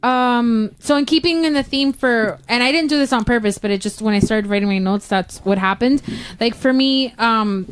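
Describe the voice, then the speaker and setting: A woman's voice: medium pitch, clean tone. Chatty woman rambling with fillers. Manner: rambling, many fillers, swears casually. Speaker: podcast guest. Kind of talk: casual chat.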